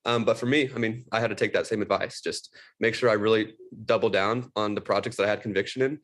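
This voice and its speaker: Male panelist, brisk pace, low-ish voice, earnest explainer. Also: steady tone, fairly bright tone. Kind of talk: virtual panel discussion.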